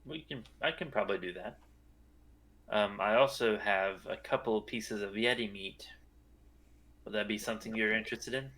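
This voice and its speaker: A man playing a tabletop game, speaking in character in a polite, steady, slightly formal way. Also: fairly low pitch, normal speed. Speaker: player. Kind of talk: in-character tabletop role-play.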